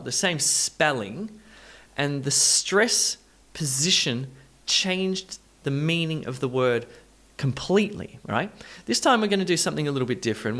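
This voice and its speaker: A man's voice: a little high, a bit bright. Upbeat male pronunciation teacher. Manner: models words slowly and repeats them, stressing syllables; upbeat and encouraging. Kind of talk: pronunciation lesson.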